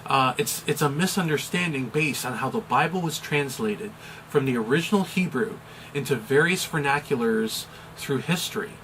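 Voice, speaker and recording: A middle-aged American man, a chaplain, explaining a topic in a measured, deliberate way with some fillers. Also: mid-range voice, lively intonation, fairly bright tone, slight background noise, low-quality recording. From United States. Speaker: chaplain and pastor. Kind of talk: explanatory video commentary.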